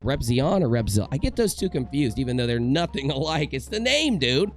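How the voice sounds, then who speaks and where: A young commentary YouTuber rants casually from home in front of a green screen, joking and rambling with self-mocking asides. His medium-pitched voice swings widely in pitch and runs a little fast. Soft music plays in the background.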